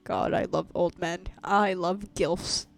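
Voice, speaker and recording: A woman's voice: on the low side, steady tone, takes it slowly, vocal fry, faint music behind. A young woman streamer giving playful, casual commentary, swearing and tripping over her words.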